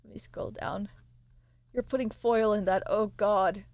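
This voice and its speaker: A woman's voice: medium pitch, steady tone, a little slow, darkish tone, no echo. A woman streamer chatting casually with her live chat, swearing and laughing as she reacts to messages.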